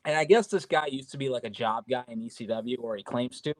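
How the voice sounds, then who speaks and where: A man's voice: mid-range voice, fast talker, dry recording, low-quality recording. A man telling a wrestling road story in casual chat, swearing often and restarting his sentences. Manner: profane, rambling storyteller with many restarts. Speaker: guest wrestler. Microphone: remote call mic with audio trouble.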